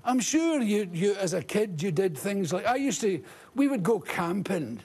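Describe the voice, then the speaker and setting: An older Scottish comedian telling animated, laughing anecdotes as a talk-show guest. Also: male voice, high voice, normal speed, breathy edge. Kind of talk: storytelling talk-show interview.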